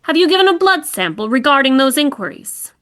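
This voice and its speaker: A woman's voice: sits high, big pitch swings, brisk, a bit bright, voice pushed up. A woman voicing a stern male British police detective with formal, firm questioning.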